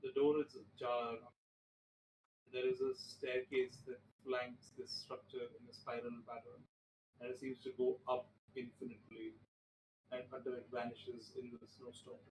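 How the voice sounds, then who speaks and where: A man narrating a tabletop game as game master, describing scenes in a measured way with restarts. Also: medium pitch, monotone, a little mellow, a little hiss or hum. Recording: roomy distant mic with faint ambience.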